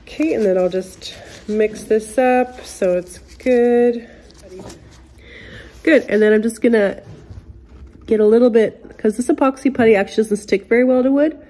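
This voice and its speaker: Her voice on the high side and mellow, a furniture restorer with a cold speaks nasally at a moderate pace, pausing often. In her workshop she chats with viewers, explaining a repair step by step in a casual how-to demonstration.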